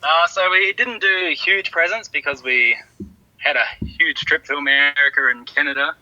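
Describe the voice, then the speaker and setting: A man from Australia with an Australian accent, a guest on a video call, answering briefly and relaxed. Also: on the high side, normal speed, no room sound. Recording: muffled, lo-fi online call audio.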